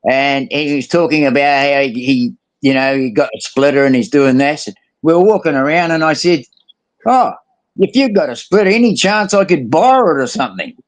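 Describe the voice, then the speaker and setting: A man's voice: on the high side, a little fast. A man telling a story in casual chat, slangy and acting out quotes. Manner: colloquial, swearing, acts out quotes.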